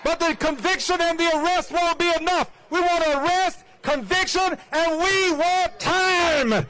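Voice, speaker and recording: A man's voice: very high voice, unhurried, low-quality recording. A lawmaker giving a fiery, impassioned rally speech, repeating a refrain and drawing out his emphatic words. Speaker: lawmaker speaking at a public rally.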